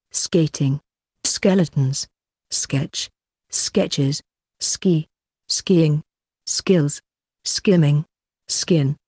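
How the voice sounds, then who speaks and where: A woman reads a vocabulary list one word at a time, leaving a steady pause after each word. Her voice sits low and a little husky, and she moves through the list very slowly. The sound is close and dry, with no room around it. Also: no room sound. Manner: reads single words one by one with even pauses. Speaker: vocabulary reader. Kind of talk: slow word-list pronunciation reading.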